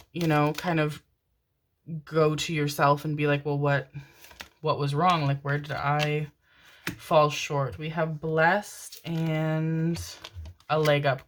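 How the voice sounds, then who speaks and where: A woman giving a casual, effusive tarot reading to her viewers, chatting freely and swearing now and then. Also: low-pitched. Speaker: tarot reader.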